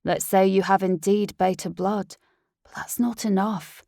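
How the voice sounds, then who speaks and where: A woman's voice: medium pitch, fairly even intonation, a little slow, gravelly, mellow, dry recording, clean studio sound. Woman reading a scornful young alpha werewolf. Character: cold young male werewolf heir, dismissive. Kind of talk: audiobook character voice.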